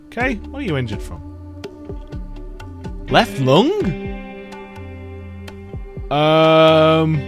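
A man's voice: a little high, sing-song, extremely slow, long pauses, faint music behind. Exasperated man ranting at a game. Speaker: let's play gamer. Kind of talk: casual gameplay commentary.

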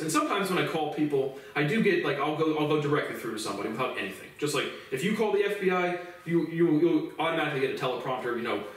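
A young man in his twenties with a fairly high voice, ranting in a loud, profane, heated way and tripping over repeated words. He stands well back from the microphone in a room with heavy echo. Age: 20s. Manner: profane, heated, repetitive restarts. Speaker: vlogger. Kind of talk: angry monologue rant. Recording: very echoey room, voice far from mic.

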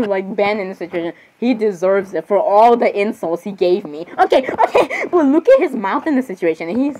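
A young woman giving excitable, dramatic casual commentary, often repeating exclamations and laughing. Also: medium pitch, a little hiss or hum. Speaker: narrator voicing characters.

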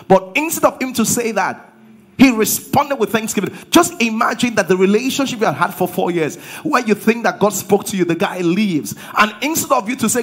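Man, pastor, sermon, call-and-response, somewhat high voice, husky. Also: expressive, normal speed. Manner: preaching with rhetorical questions and call-and-response.

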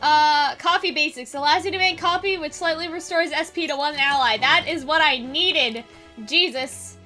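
A woman's voice: high voice, moderate pace, pushed and bright. A young woman giving casual let's-play commentary, chatty and swearing freely, with faint game music behind. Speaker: game streamer.

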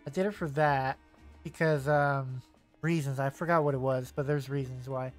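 A man's voice: medium pitch, steady tone, moderate pace, soft background music. A young man streaming a video game, chatting casually and rambling with lots of fillers and self-corrections. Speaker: gaming streamer. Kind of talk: casual let's-play chat.

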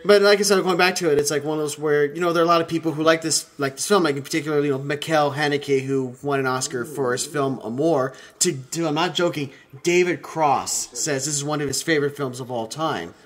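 A man's voice: a little high, a little fast. A young man chatting casually over a film as a commentator, rambling, with frequent asides and laughs.

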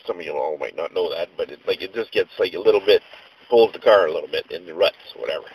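A man's voice: sits low, quick pace, a little mellow, slight background noise, low-quality recording. A man vlogging a casual rant, telling stories in a rambling, exasperated way with mild slang.

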